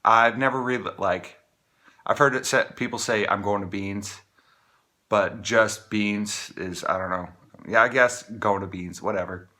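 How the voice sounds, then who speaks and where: A man from Maine talking casually to camera, rambling with many halting restarts. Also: on the low side, pushed and bright. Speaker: vlogger.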